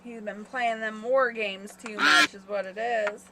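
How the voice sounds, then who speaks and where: A woman's voice: medium pitch, fairly even intonation, a little slow. A woman hosting a casual live stream from her small farm, chatting with viewers and laughing often as she tells a story. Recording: farm noise with ducks and geese.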